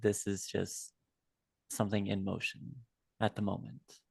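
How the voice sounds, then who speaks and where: A low, gravelly accuser speaking in a flat, unhurried murmur, as a game master puts him on. The sound is dry and close. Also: male voice, no echo, heavily acted.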